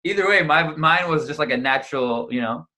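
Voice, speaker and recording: A man's voice: a little high, a little fast. A man being interviewed as a comedian guest, talking casually and loosely with slang and frequent restarts. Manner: relaxed, restarts often, slangy.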